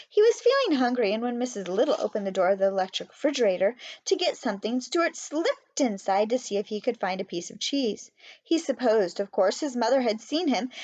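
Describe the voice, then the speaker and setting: A woman reading a children's storybook aloud in a steady, clear way. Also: a little high, no room sound. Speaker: audiobook reader. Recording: dry, slightly muffled.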